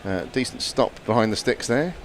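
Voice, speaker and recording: A middle-aged man giving live ball-by-ball cricket commentary, dry and wry, with quick asides. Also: medium pitch, expressive, a little hiss or hum.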